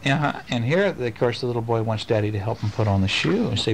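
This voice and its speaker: Father reading a bedtime picture book at home, gentle, playful, sing-song delivery, faint background noise. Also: medium pitch, animated, quick pace, vocal fry, low-quality recording. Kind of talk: reading a picture book aloud to his children.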